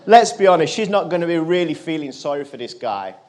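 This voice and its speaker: A man giving a motivational keynote, telling a personal story to a live audience and turning quiet in the emotional moments. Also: a little high, expressive, brisk. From England. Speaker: motivational speaker. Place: conference stage.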